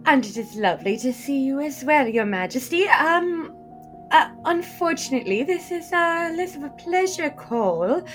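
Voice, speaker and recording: A woman voicing a polite adventurer who speaks to a king in a courteous, halting manner. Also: sits high, big pitch swings, faint music behind.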